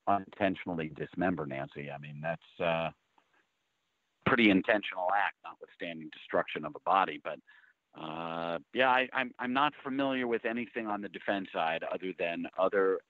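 Deep-voiced man on a tinny phone line. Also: dry recording. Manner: halting, searching for words. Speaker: guest commentator.

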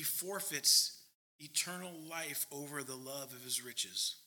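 A man, a pastor, preaching a sermon in an earnest, emphatic way with quick asides. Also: a little high, bright, forceful tone.

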